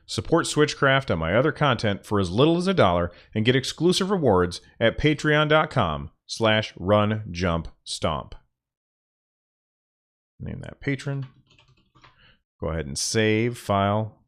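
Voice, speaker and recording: A man hosting a podcast, reading sponsor spots casually and muttering to himself when the recording software fails. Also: mid-range voice, expressive, moderate pace. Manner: offhand, restarts and mutters at tech trouble. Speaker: podcast host.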